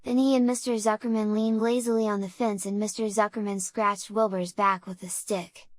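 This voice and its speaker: A woman narrating a children's audiobook in a measured, unhurried way. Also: medium pitch, level tone, no room sound.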